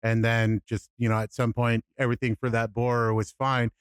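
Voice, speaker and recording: A man co-hosting a podcast, talking in a relaxed way with many "you know"s. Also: medium pitch, brisk, clean tone, no room sound, clean studio sound. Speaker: podcast co-host. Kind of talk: casual podcast chat.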